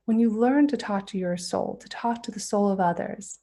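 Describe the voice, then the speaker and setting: A woman speaks at a mid pitch, earnest and gently persuasive as she tells stories in a spiritual talk. Her delivery is inspirational and unhurried in tone.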